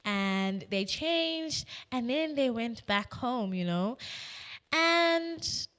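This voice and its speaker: Young woman telling a story on her podcast, bright kinda high voice, gets really animated. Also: extremely slow. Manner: animated, swings between quiet reflection and excited retelling. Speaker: podcast host.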